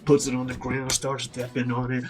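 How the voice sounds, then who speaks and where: A man's voice: medium pitch, normal speed. A man recapping a story casually, with lots of swearing and laughter. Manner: profane, laughing, animated. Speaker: series host.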